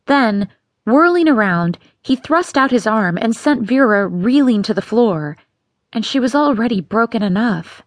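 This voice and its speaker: A woman narrating an audiobook in a measured, tense storytelling manner. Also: fairly high pitch, lively intonation, dry recording. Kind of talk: scripted narration.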